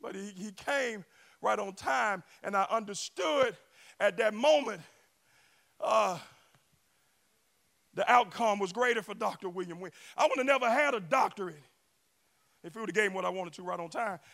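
Pastor guy hollering a sermon at church, real high gravelly voice, calls on the crowd to answer back. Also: normal speed, long pauses. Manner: shouting, chanting preacher with call-and-response. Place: church sanctuary.

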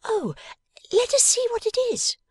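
A man's voice: very high voice, very animated, measured pace, a little mellow, dry recording, pitched above the performer's own voice, heavily acted. A man reading aloud, voicing a small, frantic crippled girl who pleads and wails. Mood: eager. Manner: wailing, pleading.

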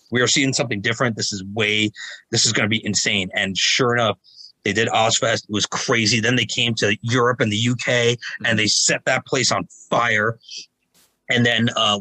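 Man, 40s, casual storytelling, animated, husky, bright. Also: lowish voice, no room sound, low-quality recording. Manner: animated, acts out quotes in raised voice. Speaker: podcast guest.

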